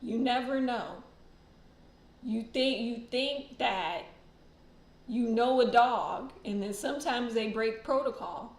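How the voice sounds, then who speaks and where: A woman's voice: fairly high pitch, slow pace. Chatty woman host in an echoey room. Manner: chatty, rambling, many fillers and laughs. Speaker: tarot channel host. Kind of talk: casual livestream chat.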